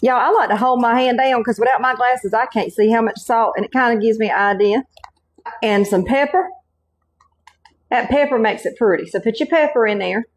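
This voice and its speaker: Southern carolina lady showing a recipe, folksy and chatty, pretty high voice. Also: moderate pace. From North Carolina. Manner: folksy, chatty, keeps saying y'all and okay. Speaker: cooking channel host. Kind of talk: home cooking demonstration.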